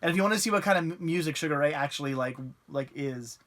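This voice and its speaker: A man's voice: a little high, animated, quick pace, a bit bright. A man hosting a casual movie livestream, rambling enthusiastically from a couch. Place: living room couch.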